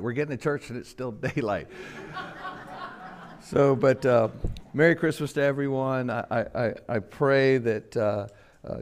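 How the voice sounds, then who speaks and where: Older pastor; folksy storytelling sermon, mid-pitched voice, acts out quotes, slows for solemn lines. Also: male voice, a little mellow.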